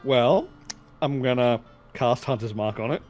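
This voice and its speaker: A man playing a tabletop game in casual chat, excitable and often laughing. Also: mid-range voice, unhurried, faint music behind. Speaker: player.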